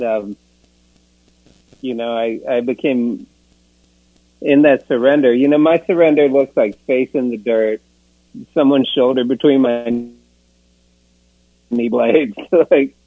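At a recovery meeting, a man with a medium-pitched, slightly breathy voice gives his personal testimony. He rambles and runs himself down, often laughing at himself and plugging gaps with "you know." There's no room sound, just a tinny, dry, phone-like quality.

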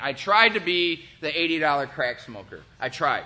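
A man's voice: fairly high pitch, very animated, normal speed, bright, forceful tone. A man in his forties giving a candid, rambling personal testimony about recovery, profane and full of fillers. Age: 40s. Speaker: recovery speaker.

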